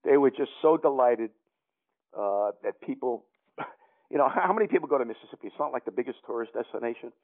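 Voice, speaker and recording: A man's voice: medium pitch, animated, a little fast. An older man with a New York accent, telling a long story as an interview guest in a rambling way full of fillers and restarts. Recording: tinny phone line.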